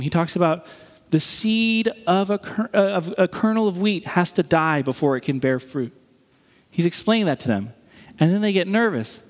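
A man preaching a sermon in a conversational, animated way, acting out the voices he quotes. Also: high voice. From Missouri. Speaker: pastor. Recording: reverberant hall.

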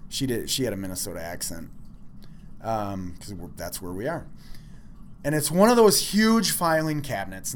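A man telling a personal story in an animated, self-deprecating way with many fillers. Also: mid-range voice, slight background noise.

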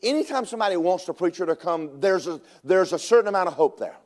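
A man preaching a sermon as pastor, telling stories with animated delivery that rises to shouting at its peaks. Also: high-pitched, fast talker.

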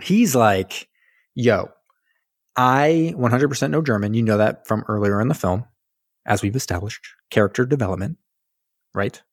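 This podcast co-host speaks at a normal speed and medium pitch, recounting a war movie in relaxed conversation. Animated throughout, he performs characters' lines, curses, and laughs. Studio-quality audio, free of room sound.

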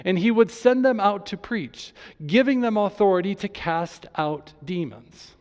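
A man's voice: high-pitched, measured pace, a little mellow, long reverb tail. A male pastor preaching a sermon with enthusiasm, reading scripture aloud to his congregation.

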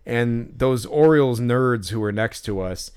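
Smooth-voiced man telling rambling stories. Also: medium pitch, a little slow, a little mellow. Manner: rambling storytelling, many fillers and restarts; exasperated, sarcastic about fans. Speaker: podcast co-host. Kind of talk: casual podcast chat.

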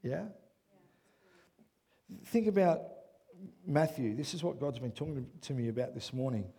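Gravelly man preaching a sermon. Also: medium pitch, measured pace. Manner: builds to loud excited preaching, asks "yeah?" often. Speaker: pastor.

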